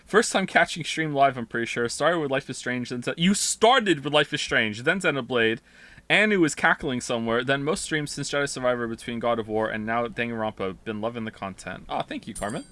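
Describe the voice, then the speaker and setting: A man's voice: mid-range voice, a little fast, bright, forceful tone, no room sound. A man streaming a game live, chatting casually, rambling and interrupting himself while reading chat aloud.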